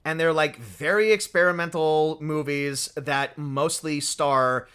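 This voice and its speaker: A man's voice: fairly high pitch, slow pace, smooth. A young man from Canada co-hosting a podcast, talking through a movie in a casual, rambling way with lots of filler words. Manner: animated, many filler "like"s, frequent laughs. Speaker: podcast co-host. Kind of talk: casual movie review chat.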